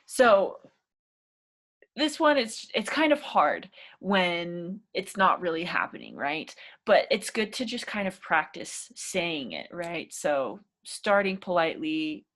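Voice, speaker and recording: A woman's voice: lowish voice, sing-song, slow, fairly bright tone. Chatty woman teaching spoken English. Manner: chatty and encouraging, many fillers. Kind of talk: casual spoken lesson.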